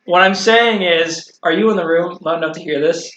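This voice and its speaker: A man's voice: high voice, normal speed, a bit bright, muffled recording. A man playing a tabletop game, cracking jokes at the table. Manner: wisecracking. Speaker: player. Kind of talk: joking table talk. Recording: echoey room.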